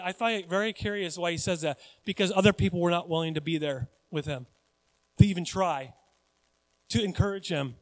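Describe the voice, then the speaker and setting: A male pastor preaching a sermon in a conversational, animated way, often putting questions to the congregation. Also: sits high. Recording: long hall reverb.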